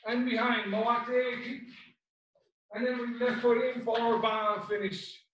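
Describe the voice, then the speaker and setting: An Irish man leads a karate class over a video call, calling out techniques and counts in short brisk cues. His voice sits high and his pace is unhurried. He sounds far from the microphone in a strongly echoing room. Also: level tone, lo-fi sound. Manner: calls out commands and counts, brisk shouted cues. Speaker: karate instructor. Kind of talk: online class instruction. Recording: very echoey room, voice far from mic.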